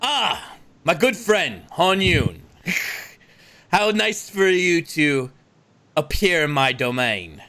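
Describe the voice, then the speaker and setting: A man's voice: on the high side, sing-song, slow, pushed and bright, exaggerated voice. A man voicing a haughty, mocking male vampire prince holding court in a tabletop role-playing game. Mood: gloating. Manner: pompous, mocking.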